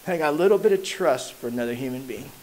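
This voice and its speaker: A man speaking at a recovery meeting, telling his own story in a casual, slangy way and going quiet at the hard parts. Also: mid-range voice, expressive, rapid-fire. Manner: casual, slangy storytelling, dropping to a hushed voice at emotional moments. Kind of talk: personal recovery story told to a crowd. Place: meeting hall.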